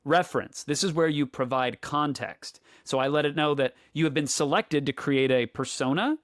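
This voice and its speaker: Playful podcast co-host, man, slightly high voice, dry close sound, explains things step by step. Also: moderate pace, no room sound. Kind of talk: casual chat.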